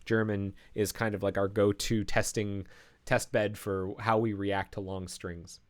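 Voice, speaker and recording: A man's voice: on the low side, little pitch movement, a little slow. A man casually thinking aloud as he live-streams coding, full of fillers and restarts. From Canada.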